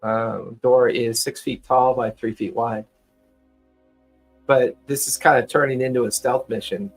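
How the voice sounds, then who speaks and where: A man running a tabletop game as game master, narrating in a relaxed, halting way with repeats. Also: medium pitch, faint music behind.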